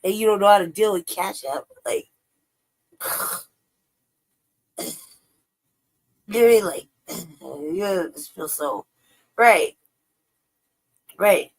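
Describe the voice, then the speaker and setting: A woman hosting a livestream, reacting in casual, profane, exasperated commentary that swings high and low. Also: extremely slow, pauses often, poor audio. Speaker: livestream host.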